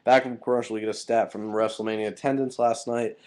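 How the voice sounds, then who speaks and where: A man's voice: mid-range voice, level tone, quick pace, a little mellow. A young man with an ordinary mid-range voice recaps a show in a casual, rambling way. He is heated and profane, with anger in his delivery. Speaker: wrestling show reviewer.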